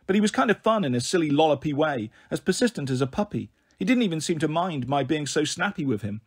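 Lively husky male storyteller. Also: fairly high pitch, quick pace. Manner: animated, voices the characters' dialogue. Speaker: audiobook reader. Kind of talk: expressive storybook reading.

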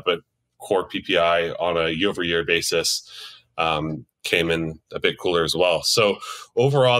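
A man's voice: deep voice, bright, forceful tone, no echo. A man who is a podcast guest, walking through market data in casual discussion, upbeat, with frequent ums. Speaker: podcast guest, macro and crypto analyst.

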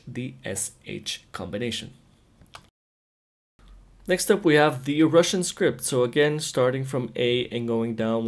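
A man giving an alphabet pronunciation lesson, carefully sounding out each letter one by one. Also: mid-range voice. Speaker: language teacher.

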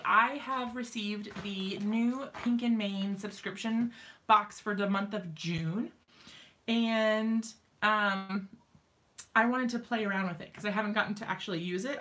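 A talkative woman in her thirties hosts a casual craft live stream from a room in her home. Her voice sits a little high, and she laughs often, apologizes, and fills her sentences with ums. She is sometimes winded, and her voice comes and goes as she moves nearer to or farther from the mic. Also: fairly bright tone. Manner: chatty, apologetic, laughs often, many fillers. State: out of breath.

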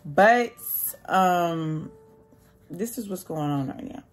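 A woman's voice: lowish voice, expressive, slow, faint music behind. A young woman vlogging at home in her kitchen, chatting loosely to camera with lots of "like" and sounding worn out. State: tired, drained. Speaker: vlogger, single mom working from home. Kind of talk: casual vlog chat to camera. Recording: noisy home ambience.

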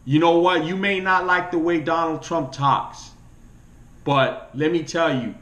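A man with a Latino American accent ranting about politics and pleading like a preacher, emotional, his voice jumping up high and dropping low. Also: steady tone, measured pace, fairly bright tone, roomy sound. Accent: Latino American English. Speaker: vlogger. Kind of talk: impassioned political rant.

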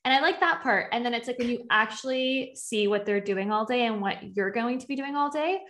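A woman's voice: a little high, fairly quick, fairly bright tone. A young adult woman guest on a podcast, telling her story in a casual, chatty way, often saying "like" and acting out her past thoughts. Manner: chatty, heavy use of "like", acts out her own past thoughts. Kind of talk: conversational storytelling.

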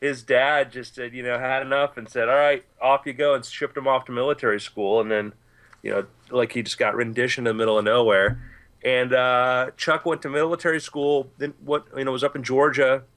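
A man's voice: medium pitch, fairly even intonation, fairly quick, fairly bright tone. A man co-hosting a podcast, telling a rambling story in a laid-back way, with allergies. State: itchy eyes from allergies. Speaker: podcast co-host. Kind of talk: casual storytelling.

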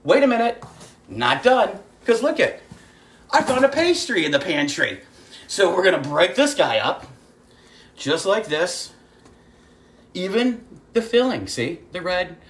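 A woman's voice: fairly low pitch, big pitch swings, measured pace, long pauses. Chatty woman hosting a cooking show. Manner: chatty storyteller, greets viewers by name, calls audience kids. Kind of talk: casual livestreamed cooking demo. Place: home kitchen.

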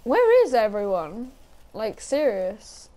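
A woman's voice: fairly high pitch, huge pitch swings, takes it slowly, warm tone. A young woman giving casual, sweary commentary while playing a shooter game, laughing often and shrieking now and then. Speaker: gaming YouTuber.

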